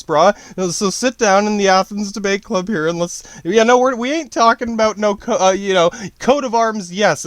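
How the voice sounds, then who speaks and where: A man's voice: high-pitched, no room sound. A man giving a rambling solo podcast monologue, profane and slangy, jumping between tangents with many restarts. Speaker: podcast host.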